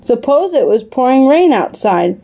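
A confident older storybook boy, read by a woman in a steady, mellow voice. He is sensible and reassuring, and the reading sits slightly high. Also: normal speed, lo-fi sound, heavily acted. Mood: matter-of-fact.

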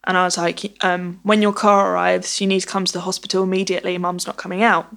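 A woman shares a personal anecdote casually, acting out what was said with "I was like." Her voice is fairly low, level, creaky and fairly bright, and she talks fast.

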